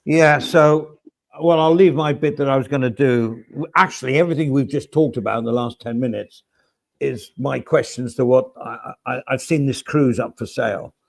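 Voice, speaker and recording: A man with a gravelly, creaky voice chats loosely as a podcast co-host. He rambles along and drops casual swear words. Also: medium pitch, normal speed. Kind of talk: casual chat.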